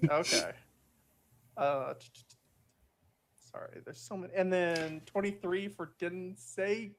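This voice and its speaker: A man's voice: high-pitched, takes it slowly, a little hiss or hum. Apologetic man stumbling over spell names. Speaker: player. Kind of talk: casual tabletop play.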